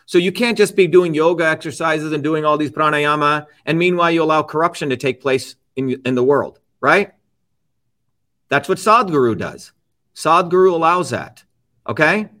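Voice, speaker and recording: A man's voice: a little high, lively intonation, moderate pace, fairly bright tone. Emphatic middle-aged man, lecturing. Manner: emphatic, keeps checking with "okay?" and "right?"; lecturing, repeats key phrases. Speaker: interview guest. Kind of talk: argumentative interview talk.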